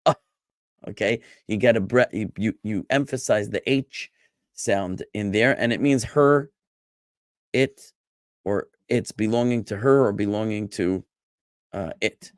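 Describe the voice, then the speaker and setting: A rabbi teaching a Hebrew class over a video call, lively and chatty, joking with his students. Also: lowish voice, no echo, clean studio sound. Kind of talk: online class lecture.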